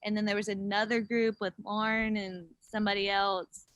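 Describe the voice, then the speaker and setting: A woman's voice: medium pitch, normal speed, clear, resonant tone, no echo. A young woman, a pro cyclist, telling race stories in a casual chat, acting out quotes and swearing freely. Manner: animated storyteller, acts out quotes, swears freely. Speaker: pro gravel cyclist guest.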